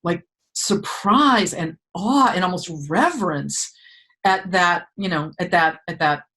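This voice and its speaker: A woman author talks as a guest in a conversational interview, her voice slightly lower than most women's. She speaks emphatically and with feeling, often restarting her phrases. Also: takes it slowly. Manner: expressive, emphatic, frequent restarts.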